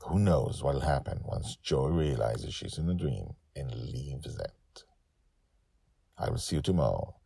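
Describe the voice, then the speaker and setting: A man's voice: a bass voice, sing-song, vocal fry, warm tone, husky, dry recording, studio quality. A man who writes and reads a serial story, chatting playfully with listeners afterward. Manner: playful and teasing, drawn-out words. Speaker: storyteller and podcast host. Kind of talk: casual after-story chat.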